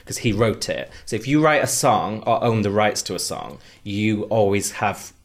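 A man's voice: on the low side, lively intonation, normal speed. A man with a northern English accent co-hosting a podcast in casual, jokey, teasing chat. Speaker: podcast co-host.

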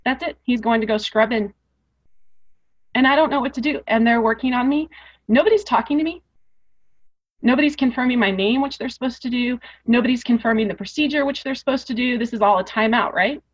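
A woman's voice: a little high, a little fast. A woman telling her own story as a guest in an interview. She speaks earnestly and emotionally, repeating phrases for emphasis. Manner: emotional, rising intensity. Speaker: podcast guest. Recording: dull lo-fi podcast audio.

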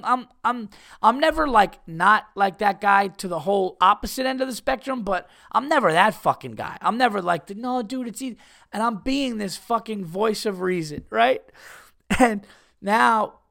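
A man's voice: high-pitched, vocal fry, fairly bright tone. A man hosting a podcast, telling a rambling, profane story in a casual way and laughing at his own tale. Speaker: podcast host.

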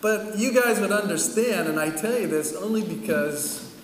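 A man's voice: high voice, expressive, moderate pace, recorded from a distance. A middle-aged man preaching a sermon, telling a personal story in a casual, chatty way with frequent laughter. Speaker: pastor. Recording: echoey hall, voice from afar, faint ambient noise.

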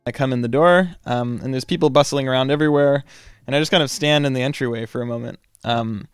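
A man's voice: medium pitch, quick pace, clean tone, no room sound, clean studio sound. A man telling a personal travel story in a casual, chatty way, with lots of ums and you-knows. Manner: casual and chatty, with many fillers.

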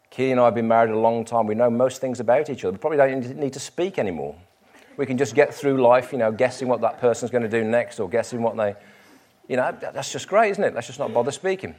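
A middle-aged man preaches with a somewhat low voice. He tells a scripture story in a storytelling manner and keeps turning to the congregation with rhetorical questions. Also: a little mellow. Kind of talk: sermon.

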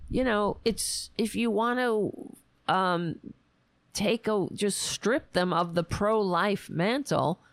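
A woman hosting a ranting political commentary show, sarcastic and exasperated, and her voice is going hoarse. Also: medium pitch, no room sound. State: losing her voice.

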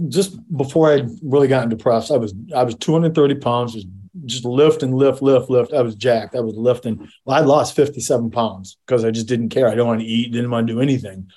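Rambling retired cop, mellow voice. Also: male voice, medium pitch. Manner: rambling, repeats words, salty language. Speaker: interview guest, medically retired police officer. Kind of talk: casual interview storytelling.

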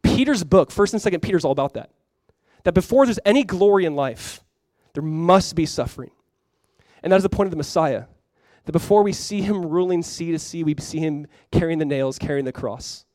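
A young man with a notably high voice preaches with animated, casual energy, talking to his congregation as if chatting with friends. The sound is dry and close, with almost no room around it. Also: a little fast, no echo. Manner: animated, conversational preaching with frequent "like". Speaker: pastor. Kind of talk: sermon.

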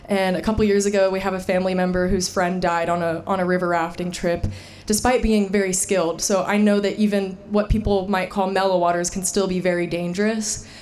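A young woman telling a personal story to an audience, animated and laughing, with fillers and restarts. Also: medium pitch, fairly quick. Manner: animated, laughing, shouting the quoted lines.

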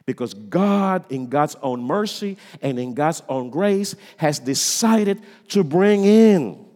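A male pastor delivers his sermon with a lively, rising and falling voice and a fairly high pitch. He swings dramatically between loud declarations and hushed, near-whispered lines. The sound rings with the long reverb of a church sanctuary. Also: slow.

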